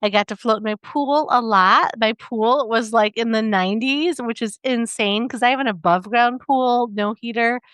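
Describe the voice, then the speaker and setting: A woman's voice: on the high side, moderate pace, hardly any pauses, fairly bright tone, smooth, no room sound. A middle-aged American woman hosting a podcast, chatting casually and laughing easily with her daughter. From United States. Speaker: podcast host. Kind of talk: casual chat.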